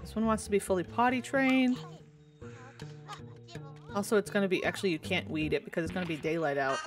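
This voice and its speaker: A woman's voice: medium pitch, steady tone, fairly quick, over music. Chatty young woman streaming a game. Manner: chatty, giggly, rambling with restarts. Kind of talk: casual gameplay commentary.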